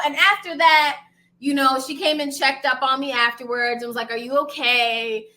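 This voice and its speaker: A woman from Brooklyn, a homebuying educator, telling animated, slangy stories straight to her viewers. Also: high voice, moderate pace. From Brooklyn, New York. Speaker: homebuying educator and channel host. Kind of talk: casual storytelling to camera.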